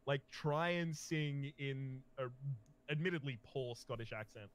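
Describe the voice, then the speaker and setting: A man hosting a casual gaming chat, telling stories in an animated, rambling way. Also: mid-range voice, a little slow, clear, resonant tone. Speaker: host.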